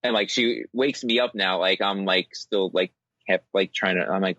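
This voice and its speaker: A man's voice: low-pitched, fairly even intonation, normal speed, fairly bright tone, no room sound. A man in his thirties co-hosting a casual podcast, telling stories and laughing often. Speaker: podcast co-host. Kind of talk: casual chat. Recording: dull dry lo-fi sound.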